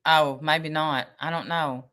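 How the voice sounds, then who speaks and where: Chatty woman with a bright, lower voice. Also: steady tone, slow. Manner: chatty, recaps from notes, wry. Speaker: podcast co-host. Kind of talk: casual chat recapping trial testimony.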